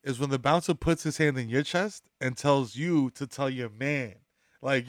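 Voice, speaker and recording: A man's voice: a little high, animated, moderate pace, no room sound, clean studio sound. A man, a podcast co-host, trading jokes and laughing in casual chat. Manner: joking banter, laughs often.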